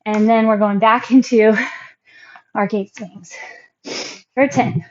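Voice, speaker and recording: A woman fitness instructor calmly cueing moves and counting reps through a workout class. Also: fairly high pitch, takes it slowly, lo-fi sound. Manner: calm, encouraging cues and counting reps.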